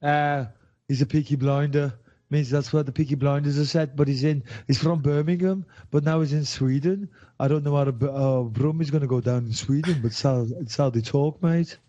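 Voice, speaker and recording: A man's voice: fairly high pitch, steady tone, moderate pace, dark tone, dull audio. A British man, a retired fighter, co-hosting a podcast with brash, profane, provocative joking. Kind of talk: casual podcast banter.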